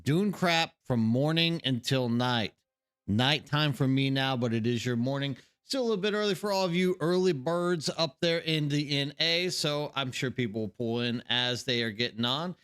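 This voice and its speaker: A male game streamer chatting live to his viewers, energetic and chatty as he greets people in the chat by name. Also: medium pitch, normal speed, smooth.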